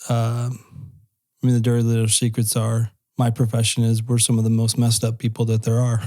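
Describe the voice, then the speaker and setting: A man's voice: medium pitch, warm tone, dry recording, clean studio sound. A man who works as a counselor, talking in a candid, self-deprecating way during a casual panel discussion. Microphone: video call.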